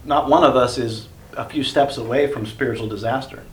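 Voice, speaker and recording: A man's voice: medium pitch, a little fast. A man leading a church small group in a casual teaching discussion, rambling with many fillers and self-corrections. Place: basement meeting room. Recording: roomy echo, faint background noise.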